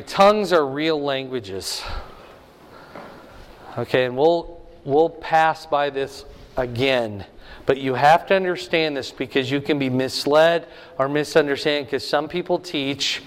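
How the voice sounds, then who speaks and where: Chatty man teaching Bible class, reverberant hall. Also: mid-range voice. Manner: chatty, keeps checking in with "right?". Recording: long reverb of a large hall.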